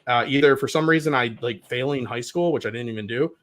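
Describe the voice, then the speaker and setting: A man co-hosting a casual livestream chat, talking in a rambling, excitable way and swearing casually. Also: mid-range voice, quick pace. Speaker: co-host.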